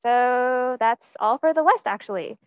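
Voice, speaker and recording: A young woman gives a relaxed class presentation, friendly and chatty, stopping for "um"s and small laughs. Her voice sits in a middle range and sounds dry and close. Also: a little high, measured pace, smooth, no echo, lo-fi sound. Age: young adult. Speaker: teaching fellow presenting.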